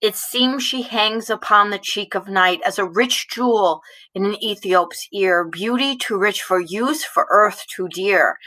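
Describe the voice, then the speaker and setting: A woman's voice: mid-range voice, bright, forceful tone, poor audio. A woman reading a lovestruck young nobleman.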